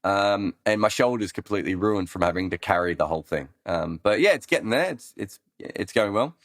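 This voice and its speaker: A man's voice: on the low side, animated, fairly quick, dry recording, studio quality. A man hosting a live cricket Q&A, rambling through answers with many ums and restarts. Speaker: cricket analyst host answering listener questions. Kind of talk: casual live Q&A chat.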